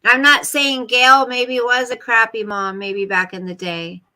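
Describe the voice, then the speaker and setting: A woman's voice: on the high side, fairly even intonation, measured pace, pushed and bright, poor audio. A woman hosting a casual livestream, talking bluntly and rambling to her chat and her pet at home. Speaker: livestream host. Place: home room.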